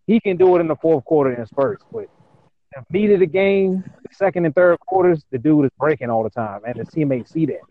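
A man's voice: on the high side, animated, brisk, no echo. An emphatic man argues his point in a casual sports discussion, tripping over a word or two before he gets going. The sound is dry and somewhat dull. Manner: emphatic, repeats words when starting a point. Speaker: panelist.

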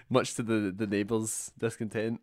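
Laughing Scottish podcast host. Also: male voice, fairly low pitch, flat delivery, slow pace, no room sound, clean studio sound. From Scotland. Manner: chatty, laughs often, acts out quoted voices. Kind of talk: casual chat.

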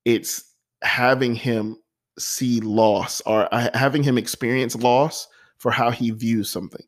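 A man's voice: medium pitch, fairly even intonation, unhurried. A man hosting his own talk show, speaking earnestly and from the heart about his life, often repeating phrases. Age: adult with a nine-year-old son. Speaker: podcast host. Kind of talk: personal motivational monologue.

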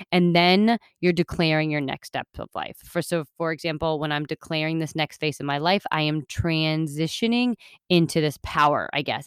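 A woman's voice: sits low, smooth, no echo, studio quality. A woman hosting a self-help podcast, talking in an earnest, rambling, motivational way with lots of fillers. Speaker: podcast host.

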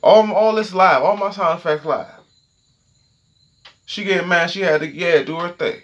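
A man's voice: high-pitched, moderate pace, highs cut off. A man hosting his own podcast, talking in a loose, profane rant from his home setup and checking in with listeners. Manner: animated, profane, keeps asking "okay?". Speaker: podcast host. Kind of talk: casual solo podcast rant.

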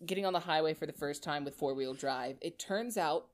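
A woman's voice: low voice, a little fast. A young woman co-hosting a podcast, telling a story in casual chat with stammers and restarts. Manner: storytelling, stammers when retelling nervous moments. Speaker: podcast co-host.

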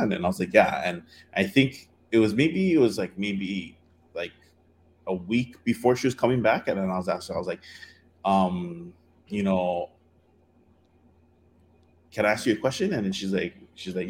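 A man chatting casually on a podcast, voice sitting a little low. He tells his story in loose, rambling turns, padding it with fillers and restarting his sentences. A faint hiss runs under the recording. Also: animated, normal speed, long pauses.

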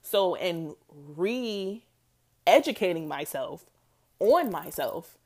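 A woman's voice: lowish voice, animated, very slow, darkish tone. A woman hosting her own podcast, talking alone in a chatty, reflective way with lots of fillers and frequent laughter. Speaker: podcast host. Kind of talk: casual solo podcast monologue.

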